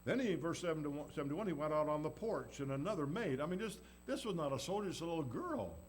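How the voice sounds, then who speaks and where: A man's voice: on the high side, lively intonation, fast, low-quality recording. A man preaching a sermon in a folksy, storytelling way, acting out the people in the story. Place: church. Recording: faint background noise and hum.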